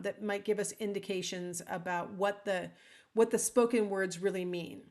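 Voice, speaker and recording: A woman instructor giving a casual, conversational recorded lecture, with frequent ums and asides to the listener. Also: medium pitch. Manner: acts out example lines in different intonations. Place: alone at home or office, speaking to a recording.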